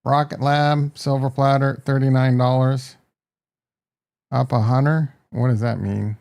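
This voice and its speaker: A man with a Midwestern American accent runs a casual live market stream. His voice is mellow and warm, sitting at an everyday pitch. He's brash and joking, reacting to tickers and tossing remarks at viewers. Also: fairly even intonation, unhurried, gravelly. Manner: brash, joking, talks to chat. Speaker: market livestream host.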